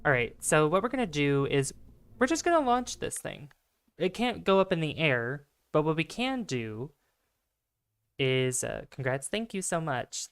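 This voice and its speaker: A man's voice: fairly high pitch, fairly bright tone, smooth. A man casually commenting on a space game during a livestream, chatty and rambling, greeting his chat. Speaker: gaming livestreamer. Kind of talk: casual live gameplay commentary.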